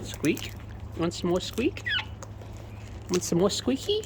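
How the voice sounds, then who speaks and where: A woman talks to wild birds in a slow, low voice that swoops wildly up and down in coaxing baby talk. Clear outdoor noise sits behind her. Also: sing-song. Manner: coaxing sing-song baby talk to animals. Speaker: bird feeder filming wild birds. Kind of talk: talking affectionately to birds while feeding. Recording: noisy outdoor recording.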